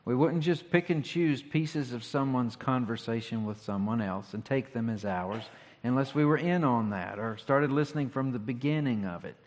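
Man, pastor, conversational sermon, mid-range pitch, long hall reverb. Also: normal speed, a little mellow. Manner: conversational, reflective, with rhetorical questions. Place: church sanctuary.

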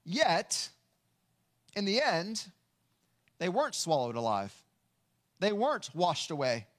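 A man preaching a sermon, earnest and emphatic, slowing down to stress key lines. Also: sits high, wildly swooping pitch, a bit bright. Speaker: pastor.

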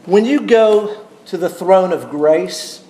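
A man preaching in a church sanctuary with a high voice and an unhurried, emphatic delivery. He leans on single words and pauses between them. The room echoes around him. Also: dark tone, slight background noise. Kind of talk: expository sermon.

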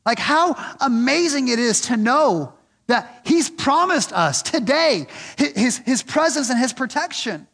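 A man preaching a sermon, earnest and repeating questions for emphasis, swinging from loud and lifted on key points to low and soft. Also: very animated, a little slow. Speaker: pastor.

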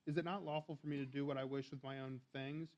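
A man delivers a church sermon in a casual way, reading scripture aloud amid restarts and fillers. His mid-range voice is a little mellow with fairly even intonation and a quick pace, heard through a muffled recording.

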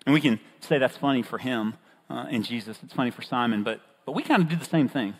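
A man preaching a sermon with playful storytelling and a husky voice. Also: medium pitch, fast talker. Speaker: pastor. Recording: long reverb of a large hall.

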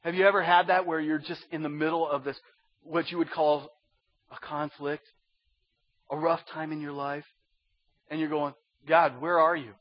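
A man preaching a sermon as a pastor, dropping to a hush and rising to loud pleading. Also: fairly high pitch, level tone, moderate pace, dry recording, lo-fi sound. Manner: swings from hushed to loud pleading.

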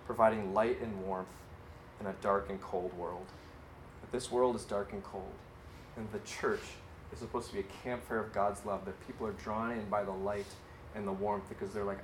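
A man preaching a sermon in a slightly low voice, conversational and earnest, stopping to correct himself as he goes. The sound is roomy, like a church hall, with a faint hum of ambience behind him. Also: fairly even intonation, fairly quick. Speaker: pastor.

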